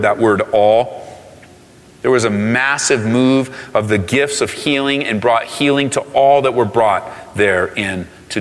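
Pastor, male, mid-pitched, preaching and reading verses, voice leaping up for emphasis, long hall reverb. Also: a bit bright. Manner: reads scripture aloud, rises in pitch for emphasis. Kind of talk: sermon.

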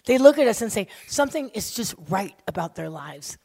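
A woman preaching a sermon, telling stories animatedly and acting out the people in them, swinging between loud excitement and quiet intensity. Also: medium pitch, a little fast, vocal fry, breathy edge. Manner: acts out quoted people in her stories.

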